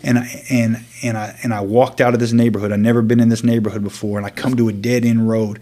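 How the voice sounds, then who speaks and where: A man earnestly telling his own story as an interview guest, halting and restarting often. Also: mid-range voice, level tone, dark tone. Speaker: guest sharing his testimony. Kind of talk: personal storytelling.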